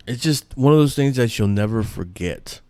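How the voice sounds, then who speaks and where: A man's voice: mid-range voice, animated, a little slow, warm tone, dry recording, clean studio sound. A man hosting a casual, rambling monologue, swearing and restarting his sentences often. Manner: rambling, profane, many restarts and fillers. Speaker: host.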